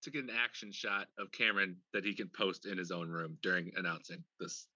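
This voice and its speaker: A man's voice: low voice, fairly quick, bright, forceful tone, dry recording, highs cut off. A man hosting a casual podcast over a video call, teasing his guests and laughing often. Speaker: podcast host. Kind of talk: casual chat. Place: home room, remote video call.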